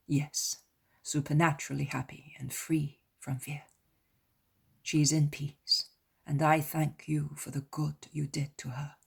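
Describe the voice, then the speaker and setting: Jesus, as a woman reader whispers him, low and husky. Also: little pitch movement, unhurried, exaggerated voice. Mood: tender. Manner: soft half-whispered speech. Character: Jesus, a calm gentle male teacher.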